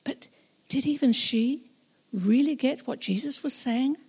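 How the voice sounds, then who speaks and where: A woman narrating a Bible story as a first-person witness, slow, reflective and earnest. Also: high-pitched, a little mellow, slightly rough.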